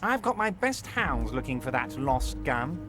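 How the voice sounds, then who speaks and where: An actor playing a heavyset male union boss in a video game, genial and smooth but manipulative. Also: mid-range voice, big pitch swings, a little slow. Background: game music.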